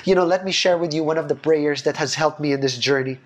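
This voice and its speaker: A man giving an earnest, animated sermon, repeating his key phrases for emphasis. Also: on the high side, fast talker. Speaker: preacher.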